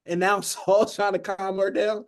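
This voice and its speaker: His voice sits high and his pace is unhurried as he leads a Bible study in an informal preaching style. Animated, he interrupts himself to play the characters, frequently saying "beloved" and "okay?".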